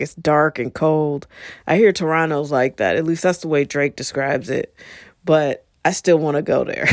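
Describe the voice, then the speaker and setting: Brief: woman in her fifties, solo podcast host, lower voice, dry close sound, candid and rambling. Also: no room sound. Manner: candid, rambling, frequent fillers and asides. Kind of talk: casual solo podcast monologue.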